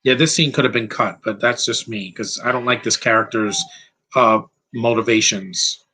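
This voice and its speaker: A man's voice: on the low side, moderate pace, sharp tone, slightly rough. A man giving casual live commentary over a movie, blunt and rambling, going off on tangents.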